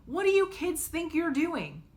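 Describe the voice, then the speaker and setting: A woman voicing an angry grown man who shouts scolding words from his car window. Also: very high voice, sing-song, unhurried, pitched above the performer's own voice, exaggerated voice. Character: angry adult male driver yelling from a car.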